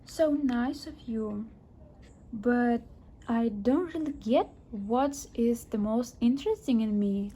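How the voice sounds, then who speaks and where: A woman voicing a polite, modest young mother who talks slowly and a little hesitantly in a home-made toy sketch. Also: fairly high pitch, warm tone, husky, full character voice. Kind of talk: amateur toy sketch voice acting.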